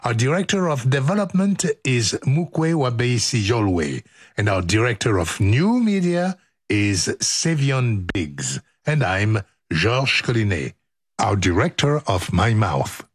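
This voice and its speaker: Lively, joking radio host, slow-spoken. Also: male voice, lowish voice, husky, no echo, clean studio sound. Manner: jokey, animated, laughing often. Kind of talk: playful outtakes and storytelling.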